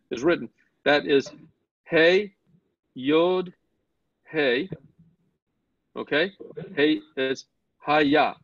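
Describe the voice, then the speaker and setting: A man's voice: on the high side, gravelly, fairly bright tone, dry recording, dull audio. A man teaching a Bible class, explaining step by step, asking the class questions and often repeating words as he starts a sentence.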